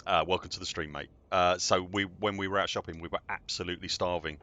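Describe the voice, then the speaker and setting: A man's voice: deep voice, steady tone, fast talker, sharp tone. A man, chatting and joking in a rambling way as a game streamer at home. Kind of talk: casual livestream chat.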